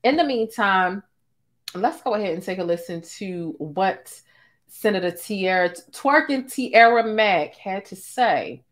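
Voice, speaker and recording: A young woman hosts a live-stream and rants in sassy, profane bursts. Her voice sits at an ordinary middle pitch and she talks straight to her viewers. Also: a little slow. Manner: sassy, profane, animated ranting with laughs. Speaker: host.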